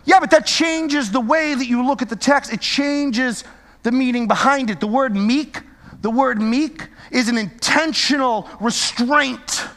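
A man teaching a conversational sermon, lively, often checking in with his listeners by asking "right?" and "okay?". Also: very high voice, measured pace, in a large hall. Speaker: Bible teacher.

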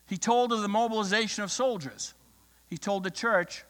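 A male pastor delivers an impassioned sermon in a high, bright voice, rising to ringing declarations and dropping to hushed lines. His words carry a long echo through a church sanctuary. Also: moderate pace.

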